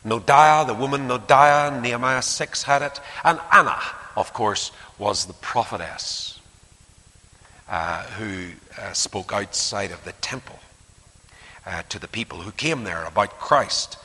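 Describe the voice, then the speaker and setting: Animated bright-voiced male preacher. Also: fairly low pitch, a little slow. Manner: animated, acts out quotes, drops to hushed asides. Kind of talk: sermon. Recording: long hall reverb.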